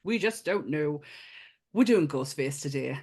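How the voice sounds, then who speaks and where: A woman with a northern English accent hosts a casual podcast in a lively, swooping voice. She is playful and chatty, running the show. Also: low voice, a little slow, slightly rough. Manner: playful and chatty, laughs often. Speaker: podcast host.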